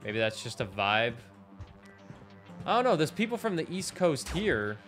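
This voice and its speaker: Loud, animated male game streamer. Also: fairly high pitch, unhurried, soft background music. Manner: loud, animated, ranting and complaining. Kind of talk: casual live-stream commentary while playing.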